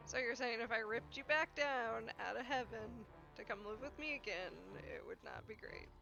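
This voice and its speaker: A woman playing her character in a tabletop game, emotional and expressive. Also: on the high side, normal speed, vocal fry, dull audio, soft background music. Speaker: player.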